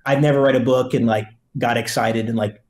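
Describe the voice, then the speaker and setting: A man's voice: medium pitch, fairly even intonation, brisk, a little mellow. A man, a real estate team leader, talking bluntly and profanely as a podcast guest about hard work. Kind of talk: casual podcast chat.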